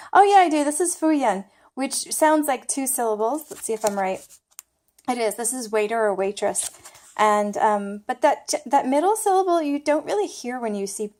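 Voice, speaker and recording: A chatty young woman with a slightly higher voice talks through her flashcards in a loose, think-aloud way. She pokes fun at herself as she goes and sounds relaxed and unscripted. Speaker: language learner sharing study method. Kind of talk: casual talk-through of flashcards.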